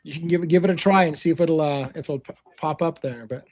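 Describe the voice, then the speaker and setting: A friendly man with a slightly raised voice hosts a relaxed livestream chat. He talks in an easygoing, welcoming way with guests. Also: on the high side, fast. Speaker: livestream show host.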